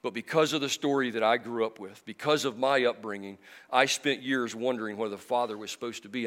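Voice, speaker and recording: A middle-aged man preaching a sermon in church, emotional, moving from loud emphasis to soft, slow passages. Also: mid-range voice. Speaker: pastor.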